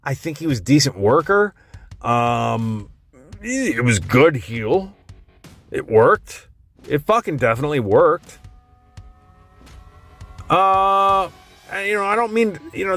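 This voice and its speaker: A man's voice: a little high, a bit bright. A man hosting a tier-list video, talking casually and bluntly, rambling and cursing constantly as he ranks old wrestling gimmicks. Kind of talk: casual profane commentary.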